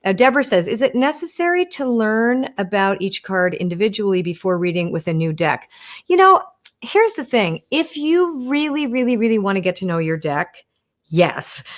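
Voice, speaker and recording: A woman hosting a live stream, chatting as she answers viewer questions about oracle cards, explaining gently with lots of "right?" and "you wanna.". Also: on the high side.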